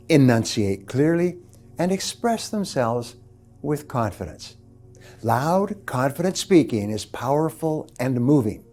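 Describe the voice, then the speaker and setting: A man giving a motivational lecture on speaking, with a measured and emphatic instructional delivery. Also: medium pitch. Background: soft background music.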